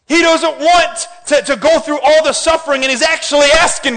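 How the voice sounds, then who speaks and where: A man preaching a sermon in an animated way, often asking the congregation questions. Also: extremely high pitch, normal speed. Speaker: pastor. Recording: hall reverb.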